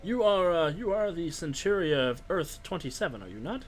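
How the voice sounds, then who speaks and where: A man putting on a tall, posh gentleman in a bowler hat who speaks with formal, courtly politeness. His voice sits a little above a plain speaking pitch, bright and bowing over every word in a tabletop game. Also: lively intonation, normal speed, low-quality recording.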